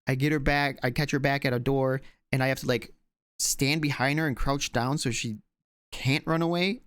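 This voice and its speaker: A man's voice: mid-range voice, fairly even intonation, normal speed, a bit bright, clear, resonant tone, no room sound, clean studio sound. A man co-hosting a podcast, telling a long story in a casual, rambling way with lots of fillers, restarts and swearing. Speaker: podcast co-host.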